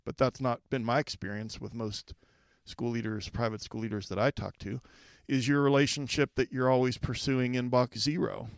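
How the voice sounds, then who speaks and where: A man's voice: medium pitch, fairly even intonation, normal speed, gravelly, no room sound. Male podcast host, solo, conversational, mid-range voice, dry untreated sound. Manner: conversational, asks listeners direct questions. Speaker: podcast host and school leadership coach.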